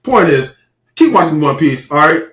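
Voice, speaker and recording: A man co-hosting a casual podcast, trading profane, animated banter. His voice sits a little high for a man. The room is echoey. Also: moderate pace. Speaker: podcast co-host. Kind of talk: casual chat.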